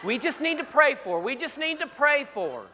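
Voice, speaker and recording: Man mimicking a hushed gossiping church lady. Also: very high-pitched, sing-song, brisk, long reverb tail, slight background noise, voice pushed up, full character voice. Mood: confiding. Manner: hushed, confiding. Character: gossiping church lady, nosy, falsely pious.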